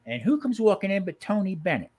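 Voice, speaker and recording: A man's voice: high voice, very animated, quick pace, darkish tone. An older man co-hosting a casual chat show, telling rambling, jokey stories. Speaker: co-host.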